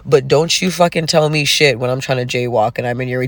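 A man delivers a casual vlog rant with plenty of profanity, switching between low asides and loud bursts. His pitch sits in a middle range, and he mocks himself as he goes. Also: fast, dry recording. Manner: profane, animated, self-mocking rant. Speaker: vlogger. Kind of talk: casual ranting monologue.

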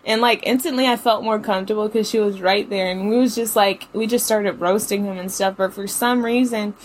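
A woman's voice: mid-range voice, steady tone, a little fast, a little hiss or hum. A young woman hosting a podcast, telling a story casually, swearing a lot and filling her talk with "like". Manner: chatty, profane, filler-heavy with lots of "like". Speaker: podcast host.

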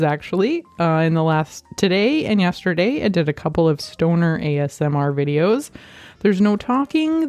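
An excitable woman hosts her podcast in loose, casual chat, jumping from thought to thought and swearing freely. Her voice sits at an ordinary middle pitch. It is recorded close and dry, with no room sound. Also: dry recording. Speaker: podcast host.

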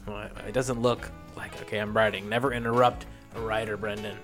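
A man's voice: on the low side, flat delivery, brisk, fairly bright tone, faint music behind, lightly acted. A man playing a sleepless, frantic coach who lectures defensively about his writing.

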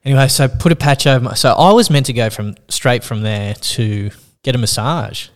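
A man spins a rambling anecdote in casual podcast chat. He swears often and slips into lively impressions of the people he quotes. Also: medium pitch, moderate pace. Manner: animated, swears freely, acts out quoted voices. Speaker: podcast host.

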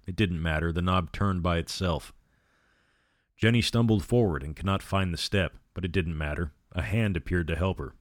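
A man's voice: low voice, dry recording, clean studio sound. A man narrating a horror novel aloud, reading every character in his own voice. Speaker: storyteller.

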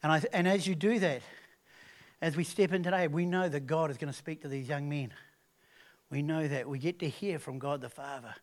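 A man's voice: fairly high pitch, steady tone, normal speed. A man preaching a sermon as pastor, earnest and conversational, with restarts and rising swells of emphasis.

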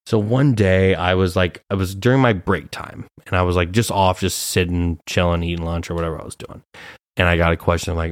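A man's voice: low-pitched, fairly even intonation, fairly quick, no echo, studio quality. A young man hosting a solo podcast, telling a story in a rambling, casual way, swearing freely and laughing often. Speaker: podcast host.

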